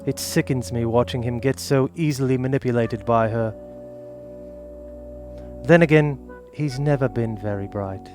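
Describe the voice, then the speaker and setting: A man's voice: medium pitch, moderate pace, darkish tone, soft background music, lightly acted. A man voicing a bitter, jealous woman in a put-on English accent, reading game lines in a sneering, clipped way. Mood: scornful.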